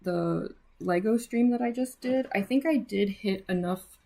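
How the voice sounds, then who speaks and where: A woman's voice: medium pitch, unhurried, gravelly, dark tone. A young woman streaming live as she draws, chatting casually with viewers, full of fillers and little laughs. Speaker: livestreaming artist. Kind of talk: casual livestream chat.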